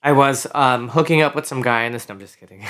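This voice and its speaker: A man's voice: mid-range voice, fast talker, a bit bright, smooth. A man in his thirties, a podcast guest, telling candid, teasing anecdotes in casual chat. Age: 30s.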